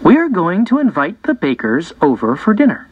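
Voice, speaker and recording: A man's voice: high-pitched, huge pitch swings, normal speed, slightly rough, narrow, tinny audio, pitched above the performer's own voice, heavily acted. A man voicing a middle-aged mother in an audiobook, composed and matter-of-fact. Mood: firm. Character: mother, middle-aged woman, calm and firm. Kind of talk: audiobook character voice.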